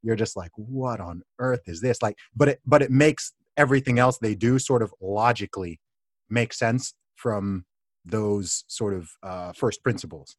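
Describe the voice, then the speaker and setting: A man's voice: fairly low pitch, normal speed, no room sound. Guy host explaining stuff emphatically, lots of restarts, dry sound. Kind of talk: casual conversation.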